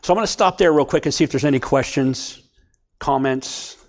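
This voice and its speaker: A man's voice: mid-range voice, a little fast. A man leading a Bible study for a small group, talking casually and checking in with his listeners as he goes. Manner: conversational, checks in with "okay?".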